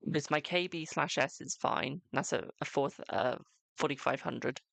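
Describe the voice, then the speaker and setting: Casual British male streamer, gravelly tone, dry close sound, chatty and self-deprecating. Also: on the high side, moderate pace, a bit bright, dry recording. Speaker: tarot reader and live streamer. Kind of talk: casual live-stream chat.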